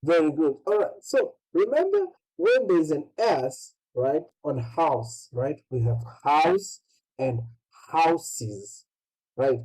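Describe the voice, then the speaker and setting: Slow, mellow-voiced English tutor. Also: medium pitch, very animated, husky, low-quality recording. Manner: patient, repeatedly checks with "right?". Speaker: English pronunciation teacher. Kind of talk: one-on-one tutoring.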